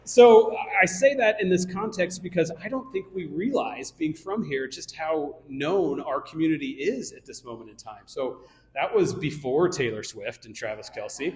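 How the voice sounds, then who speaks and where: A man's voice: a little high, lively intonation, normal speed, darkish tone, big-room sound, slight background noise. A middle-aged man from Kansas City telling a casual, anecdotal story in a speech to a luncheon audience, with frequent ums and restarts. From Kansas City area. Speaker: luncheon speaker. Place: banquet hall.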